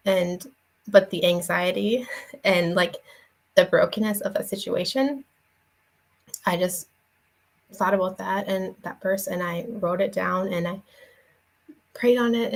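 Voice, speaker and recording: Here a faith vlogger and parent, a young woman with a medium-pitched voice and vocal fry, shares a personal story in a casual devotional talk. She's earnest and conversational, with lots of fillers and restarts, and the audio is poor.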